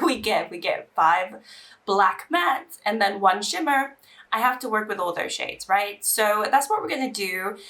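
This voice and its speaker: A woman's voice: mid-range voice, sharp tone, recorded from a distance. A young woman in casual get-ready-with-me chat, emotional and teary, sighing between bursts of chatter. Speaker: beauty vlogger. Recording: voice a little off-mic.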